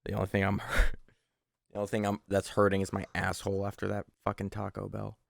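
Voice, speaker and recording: A young man co-hosting a podcast, rambling through casual chat in an animated, sweary way. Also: fairly low pitch, quick pace, vocal fry, dry recording, studio quality. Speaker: podcast co-host. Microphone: studio microphone.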